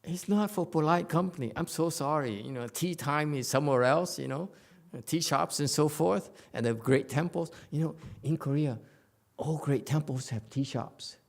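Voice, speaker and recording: Gravelly, blunt Buddhist master teasing. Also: male voice, fairly high pitch, normal speed. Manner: blunt, teasing, full of fillers and restarts. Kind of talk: dharma lecture. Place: meditation center hall.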